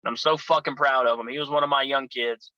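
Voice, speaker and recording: A man's voice: mid-range voice, fairly even intonation, quick pace, pushed and bright, no room sound, highs cut off. A man telling profane, rowdy road stories in a casual chat as a guest. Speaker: pro wrestler guest.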